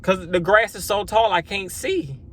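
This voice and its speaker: A man who runs a lawn care business, chatting casually to the camera outdoors, rambling and animated as he acts out his own reactions. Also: high voice, a little slow, slight background noise. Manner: swears then apologizes. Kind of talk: casual vlog storytelling.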